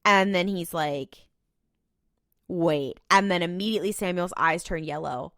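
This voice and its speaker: A woman co-hosting a podcast, recapping a TV episode in casual chat and quoting characters in quick asides. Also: lowish voice, fairly bright tone, no room sound, studio quality. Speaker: podcast co-host.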